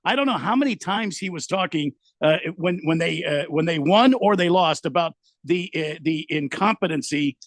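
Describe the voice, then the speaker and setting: A man's voice: a little high, lively intonation, no echo. A man on a sports radio show who halts and repeats words as he builds his point. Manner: halting, repeats words while building an argument. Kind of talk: casual sports talk.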